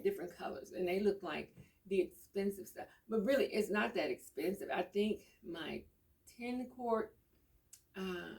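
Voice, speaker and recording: A middle-aged woman chatting casually and telling rambling, homey stories. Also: lowish voice. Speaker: vlogger. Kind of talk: casual chat. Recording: voice a bit far from the mic.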